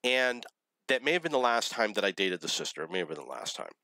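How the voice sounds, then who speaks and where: A man's voice: fairly low pitch, very animated, fast talker, sharp tone, dry recording, rough recording. A man casually telling dating stories in a rambling, self-correcting, wry way. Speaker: storyteller.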